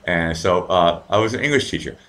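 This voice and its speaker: A man's voice: low-pitched, a little fast, fairly bright tone, slight background noise. A man hosting a live show, telling a story in a rambling, profane, casual way with many restarts.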